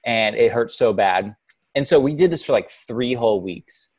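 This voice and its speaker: A man co-hosting a casual podcast chat, telling a story in an animated way with many fillers. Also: mid-range voice, normal speed, husky. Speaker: podcast co-host.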